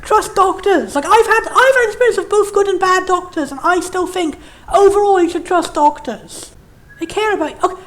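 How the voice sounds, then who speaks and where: High-voiced young woman, frank and rambling. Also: moderate pace, fairly bright tone. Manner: frank, rambling, with many restarts and swearing. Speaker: game reviewer. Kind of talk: candid game commentary.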